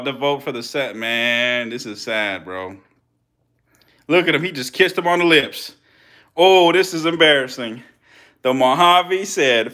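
A young adult man with a Californian accent, hosting a casual vlog with slangy, profane, excitable commentary and laughing asides to viewers. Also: on the high side. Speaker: channel host feeding snakes.

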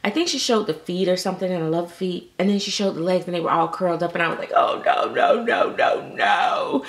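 A woman chatting casually to camera about her collectible dolls, animated and full of acted-out quotes. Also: on the low side, fast. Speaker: doll collector vlogger.

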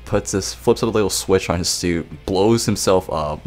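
A man's voice: sits low, moderate pace, few pauses. A young man giving a casual anime episode review, rambling, laughing and swearing as he retells scenes.

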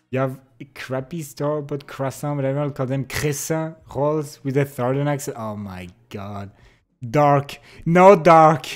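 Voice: mid-range voice, takes it slowly, faint music behind. A streamer who speaks natively, chatting casually and playfully with viewers, laughing and repeating words. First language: French. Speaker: live streamer.

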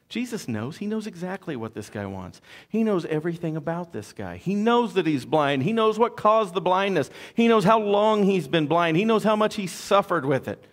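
A man's voice: on the high side, animated, moderate pace, hardly any pauses. A man preaching a sermon as pastor, in a conversational storytelling way with joking asides.

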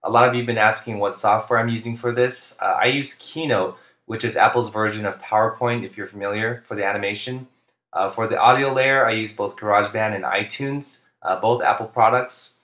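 Guy coach talking basketball plays, flat monotone, kinda low, echoey room. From United States. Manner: monotone, deliberate and clear. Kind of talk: scripted instructional narration. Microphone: home recording for narration.

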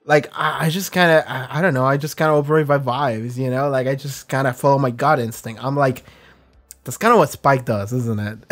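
Excitable, swearing young-sounding man. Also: fairly high pitch. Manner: excitable, swears a lot, rambling. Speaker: anime reaction YouTuber. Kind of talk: casual reaction commentary.

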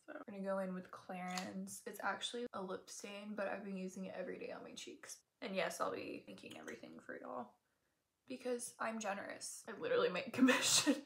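A woman's voice: mid-range voice, steady tone, a little fast, gravelly. A young woman in her twenties chatting casually while doing her makeup, rambling and joking at herself, filmed on a tablet at home. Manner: rambling, self-mocking, jokey asides. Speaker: beauty vlogger. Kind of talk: chatty get-ready-with-me makeup talk. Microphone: tablet camera.

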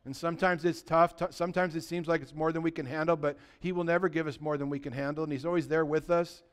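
A man's voice: fairly high pitch, fairly even intonation, fast talker, smooth. A male pastor, preaching a conversational sermon and calling out to his congregation. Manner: exhorting, conversational, calls out to congregation.

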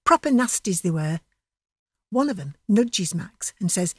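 A woman's voice: mid-range voice, big pitch swings, measured pace, husky, no room sound, clean studio sound. A woman narrating a dramatic monologue in a chatty, vivid storytelling manner.

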